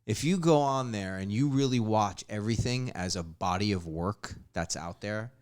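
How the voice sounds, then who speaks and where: A man's voice: fairly low pitch, normal speed, a little mellow, clear, resonant tone. A man co-hosting a podcast as a guest, rambling and reflective, with many fillers. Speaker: guest co-host, director. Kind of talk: casual chat.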